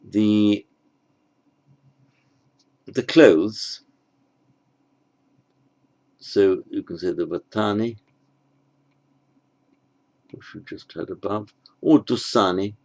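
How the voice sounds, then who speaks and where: A man with a low, gravelly voice explains grammar step by step. He speaks slowly and deliberately, pausing to think aloud as he works through each exercise. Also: darkish tone. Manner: slow, methodical, thinking aloud with pauses. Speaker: language teacher. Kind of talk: spoken grammar lesson.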